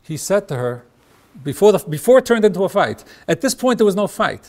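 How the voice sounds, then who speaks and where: A man's voice: high voice, very animated, a little mellow. Middle-aged man giving a marriage workshop. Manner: asks the audience rhetorical questions and pauses on them; acts out both spouses in his examples. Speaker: marriage therapist leading a workshop. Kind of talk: workshop lecture.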